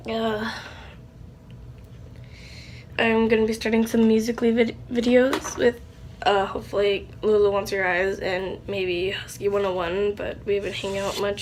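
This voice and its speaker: A young woman, likely a teen, talking in a casual vlog, rambling and halting with many fillers, tearful with a stuffy nose. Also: mid-range voice, little pitch movement, slight background noise. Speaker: channel host.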